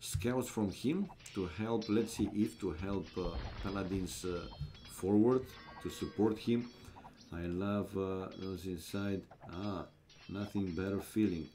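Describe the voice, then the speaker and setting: A man with a non-native English accent, commenting a strategy game live from his gaming room in a low, mellow voice. He rambles easily, peppering his play-by-play with fillers and asides to chat. A faint hiss of noise sits under the voice. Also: slow pace. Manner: relaxed, rambling, frequent uh fillers, chuckles at chat.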